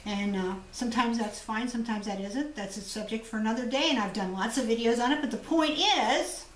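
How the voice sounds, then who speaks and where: A jewelry designer with a slightly high voice talks fairly quickly, hosting her channel in a chatty, story-filled way and laughing easily. Recorded in an echoey room of her home shop with a distant mic, the clip carries a little hiss or hum.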